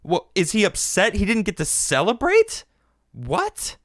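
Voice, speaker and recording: A man's voice: high-pitched, wildly swooping pitch, moderate pace, no echo, clean studio sound. Sarcastic ranting male podcast host. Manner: sarcastic, mocking rant. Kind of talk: political commentary monologue.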